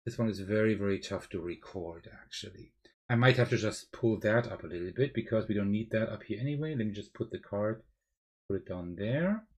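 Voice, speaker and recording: A man with a German accent, streaming live and thinking aloud through a card game, often checking with a quick "right?". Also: on the low side, darkish tone, husky. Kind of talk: live-stream gameplay commentary.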